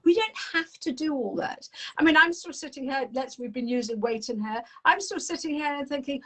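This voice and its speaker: A middle-aged woman, a parenting coach talking in an interview in a lively, rambling way with frequent restarts. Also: high voice, brisk, rough recording. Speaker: parenting and teen coach, guest. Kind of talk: conversational interview.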